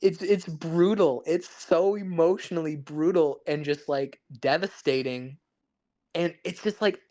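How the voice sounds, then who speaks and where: His voice sits on the high side, a little mellow, and a little slow. Co-hosting a podcast, he talks casually and excitedly about a film, with lots of swearing and restarts.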